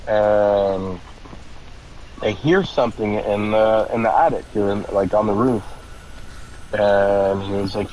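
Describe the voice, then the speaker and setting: Slow-talking man, rambling gamer chat. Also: fairly low pitch, steady tone, darkish tone, slight background noise, rough recording. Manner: rambling, swears a lot, frequent laughs. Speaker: gaming commentator. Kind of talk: casual rambling retelling.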